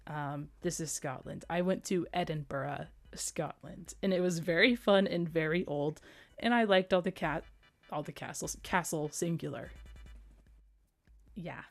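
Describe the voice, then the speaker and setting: A young American woman streaming live, talking with her chat in a loose, giggly way and often repeating herself for emphasis. Her voice sits a little low for a woman. Soft music plays faintly behind her. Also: a little slow, vocal fry. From United States.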